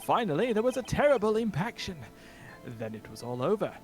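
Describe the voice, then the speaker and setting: A man's voice: sing-song, fairly quick, soft background music. A man voicing a smug male witness reading out rehearsed testimony in a game, theatrical. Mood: testifying. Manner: theatrical, sweeping pitch swings. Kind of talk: voicing game text on a stream.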